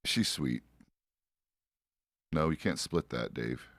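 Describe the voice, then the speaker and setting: Deep-voiced, laid-back American man. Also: lively intonation, slow, fairly bright tone, dry recording, studio quality. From United States. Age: middle-aged. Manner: profane, laid-back, chuckles often. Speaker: roleplay streamer. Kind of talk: casual chat while roleplaying a game.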